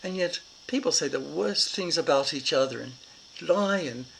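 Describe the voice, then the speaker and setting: A man's voice: a little high, animated, normal speed, vocal fry, fairly bright tone, a little hiss or hum, rough recording. An older man with an Irish Australian accent telling a childhood story in a rambling, reflective way. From Ireland and Australia. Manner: rambling and reflective, with many fillers.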